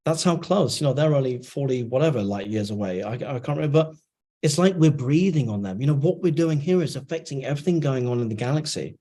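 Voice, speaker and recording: A man's voice: medium pitch, expressive, fast, mellow. Chatty man explaining channeled messages. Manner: rhythmic chanted syllables, then chatty with many fillers. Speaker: channeler guest. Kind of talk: channeling in light language, then casual explanation.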